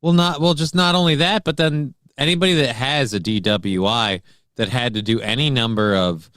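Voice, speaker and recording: A man chats casually as a co-host, easygoing and agreeable. His voice sits at an ordinary mid pitch, and the recording is dry and close. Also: normal speed, a bit bright, dry recording. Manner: laid-back, chimes in agreeing. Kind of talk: casual chat.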